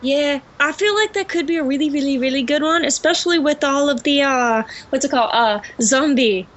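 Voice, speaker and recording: A woman's voice: sits high, fairly quick. A woman from Russia chatting as a podcast guest in a put-on English accent, gushing and giggly with lots of fillers. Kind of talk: casual podcast chat. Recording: muffled lo-fi recording.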